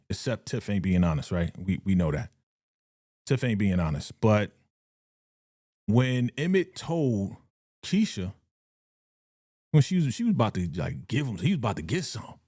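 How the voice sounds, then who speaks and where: A man hosting a casual live reaction stream about a TV episode, talking in an animated, slangy way and laughing often. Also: lowish voice, no room sound, clean studio sound. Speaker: TV show reaction livestream host.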